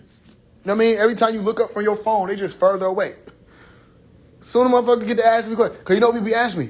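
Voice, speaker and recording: Profane, rambling man on a phone livestream. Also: sits high. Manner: loose, rambling, profane, with quick asides and laughs. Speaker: livestream host. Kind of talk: casual livestream talk.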